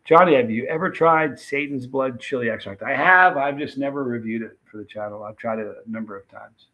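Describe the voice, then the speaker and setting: Fairly quick and pushed, with a bright edge, a mid-range male voice hosts a late-night livestream. He reads through the chat in a relaxed way, naming and thanking the viewers who commented.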